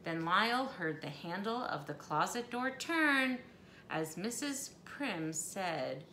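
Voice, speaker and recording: Casting: animated storybook reader, woman, bright voice, echoey room with faint background hum. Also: medium pitch, slow. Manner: expressive, animated storytelling with asides. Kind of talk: storybook read-aloud.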